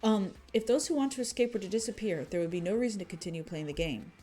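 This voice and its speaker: A woman's voice: mid-range voice, fast talker, dark tone, slightly rough, soft background music, natural voice. A woman voicing an arrogant, condescending rich young man in a game read-through. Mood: cold, smug. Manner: condescending, clipped. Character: arrogant rich young male heir, cold.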